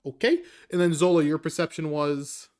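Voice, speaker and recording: A man's voice: a little high, moderate pace, a little mellow. A man narrating as game master, describing scenes loosely with many fillers.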